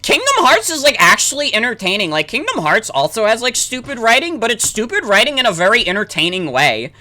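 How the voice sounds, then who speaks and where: Loud cursing woman game streamer. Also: fairly high pitch, big pitch swings, brisk. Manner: profane, loud, lots of "like" fillers. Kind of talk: ranting let's-play commentary.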